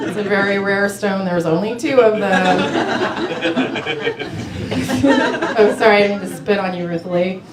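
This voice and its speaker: A woman's voice: medium pitch, unhurried, long pauses. A young woman doing a stand-up comedy set, chatty and self-mocking, filling her talk with "like" and laughing at her own jokes. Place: small club stage with audience. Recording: echoey club with crowd noise. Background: audience laughter and chatter.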